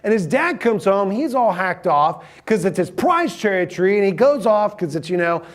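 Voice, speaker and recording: A man's voice: high-pitched, expressive, moderate pace. A middle-aged man, giving a sermon in a conversational, humorous storytelling manner and asking the audience questions.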